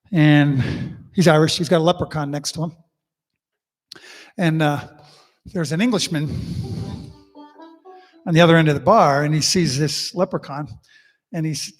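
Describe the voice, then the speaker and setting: An older man hosting a living room concert from his home, chatting and telling jokes between songs in a folksy way. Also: fairly high pitch. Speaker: musician and host of an online living room concert. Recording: long reverb with banjo music behind.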